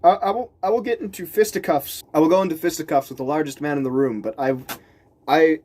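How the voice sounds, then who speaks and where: A man's voice: a little high, quick pace. A man telling a story casually, rambling and restarting sentences, laughing often and acting out the people he quotes. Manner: animated, voices the people he quotes.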